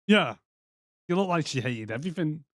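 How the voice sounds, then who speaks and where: A man's voice: on the high side, expressive, normal speed, dry recording, studio quality. A man co-hosting a podcast, ranting in casual, profane chat and slipping into mock voices. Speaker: podcast co-host.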